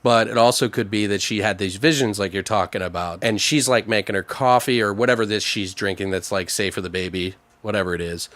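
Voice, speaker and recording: A man co-hosting a podcast, brainstorming a story in a casual, animated way and often acting out the lines of characters. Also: fairly low pitch, no room sound. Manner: animated, quick to act out quoted lines. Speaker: podcast co-host.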